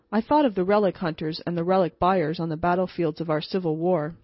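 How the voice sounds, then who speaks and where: A woman narrating an old ghost story as an audiobook in a measured, even way. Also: lowish voice, dry recording. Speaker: audiobook reader. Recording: dull lo-fi home recording.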